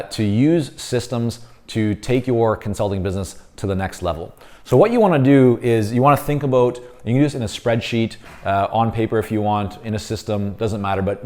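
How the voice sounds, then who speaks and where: A man with a dark, mellow voice walks consultants through a planning exercise. He talks loosely and casually, with plenty of "uh" and "you know" and frequent restarts. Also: lowish voice. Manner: conversational, many fillers and restarts; explains while drawing on a board. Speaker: business consultant teaching. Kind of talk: instructional talk to camera.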